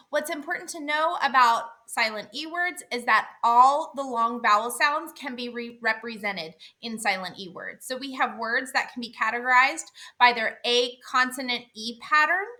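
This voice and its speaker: Female phonics teacher, higher-pitched and bright, clear and deliberate delivery. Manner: clear, deliberate, sounds out letters. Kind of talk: instructional explanation.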